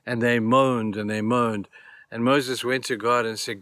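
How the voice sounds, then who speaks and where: In a dry recording, a church speaker offers a brief devotional with a mid-range, fairly bright voice, speaking a little slowly and flatly. He's earnest and plain, retelling scripture in everyday words and repeating key phrases for emphasis.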